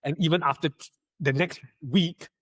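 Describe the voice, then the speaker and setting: A young man and podcast guest in casual chat, telling animated stories, acting out quotes and often stammering through restarts. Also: on the high side, normal speed, slightly rough, dry recording.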